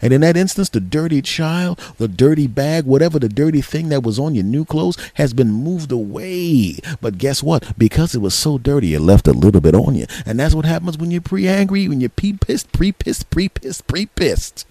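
Rambling comedian telling a story. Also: male voice, on the high side, moderate pace, hardly any pauses, dry recording. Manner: animated, repetitive, rambling. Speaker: podcast host, comedian.

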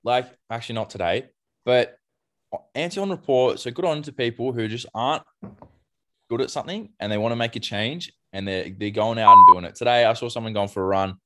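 A man's voice: mid-range voice, fairly quick, pushed and bright. An Australian man co-hosting a podcast in casual, easygoing chat. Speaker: podcast co-host.

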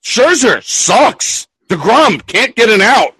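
A man's voice: extremely high pitch, big pitch swings, slow pace, bright, forceful tone, husky, no echo, poor audio. Angry, profane man ranting about sports. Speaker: podcast co-host. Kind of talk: casual sports chat.

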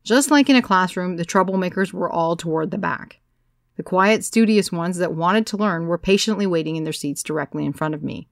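Gravelly woman narrating a story. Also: lowish voice, no room sound, clean studio sound. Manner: measured storytelling, wry. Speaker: audiobook narrator. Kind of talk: first-person scripted narration.

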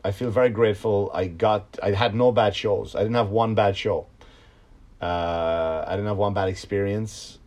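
A man, a comedian and podcast host, telling a story in a casual, profane monologue that swings from loud outbursts to low mutters. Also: steady tone, normal speed.

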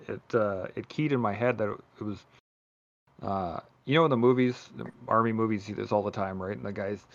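A man hosting a podcast in casual chat, swearing freely and rambling through animated stories. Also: fairly low pitch, fairly quick, gravelly, muffled recording. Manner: profane, rambling, animated storytelling.

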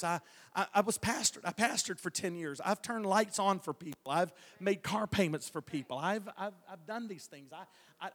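With a high-sitting voice at a normal pace, this evangelist shares a testimony from the pulpit in a homey, folksy manner. He stammers, restarts, and chuckles, and the hall gives the sound a long reverb.

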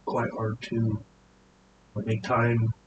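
A man from Utah, a podcast guest, telling family stories in a relaxed, chatty way. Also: lowish voice, takes it slowly, lo-fi sound. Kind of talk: casual podcast chat. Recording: roomy echo, noticeable noise.

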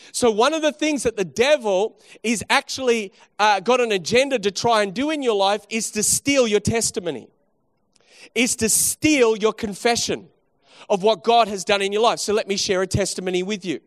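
A man's voice: high-pitched, no echo, studio quality. A man preaching a sermon, telling a story and then urging his listeners on with rising emphasis.

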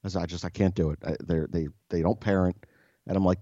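A man's voice: low-pitched, fast talker, dark tone, no echo, muffled recording. A man co-hosting a podcast, telling a story in a profane, exasperated rant. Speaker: podcast co-host. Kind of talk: casual storytelling.

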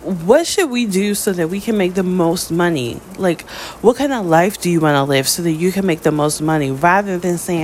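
American woman ranting about her views, lowish voice, faint hiss behind. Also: lively intonation, normal speed, a little mellow. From United States. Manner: emphatic, pitch swings up on key points. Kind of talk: opinion monologue.

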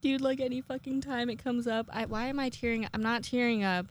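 A fairly high-voiced young woman in her twenties talks casually to her viewers. She rambles from story to story, curses freely and pokes fun at herself. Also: steady tone, brisk. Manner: rambling, sweary, self-mocking, breaks into high-pitched acted quotes. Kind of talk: casual chat to camera.

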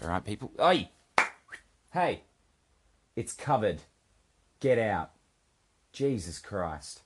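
Low-voiced, profane rambling man. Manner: rambling, profane and self-mocking, scolding his cat. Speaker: podcast host. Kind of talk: casual solo podcast check-in. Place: at home.

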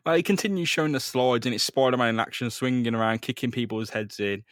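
A man's voice: medium pitch, quick pace, dry recording, clean studio sound. A man co-hosting a podcast, narrating a comic book plot casually with crude jokes. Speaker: podcast co-host. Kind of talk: comic book read-through chat.

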